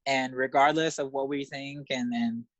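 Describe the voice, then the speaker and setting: A man in his thirties from Los Angeles, a guest telling candid, profane stories in an interview, animated and laughing often. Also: moderate pace, no room sound. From Los Angeles, USA. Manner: animated, profane, laughs often, jumps up in pitch when excited. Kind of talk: candid storytelling in conversation.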